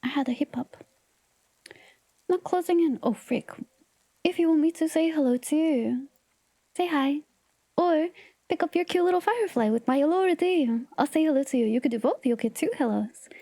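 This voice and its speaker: A high-pitched woman chats away with her stream viewers in a loose, giggly, playful way. Her tone is soft and mellow, and the sound is close and dry, with no room around it. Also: moderate pace, long pauses, dry recording. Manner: chatty, giggly, animated and playful. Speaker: livestream host. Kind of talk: casual livestream chat.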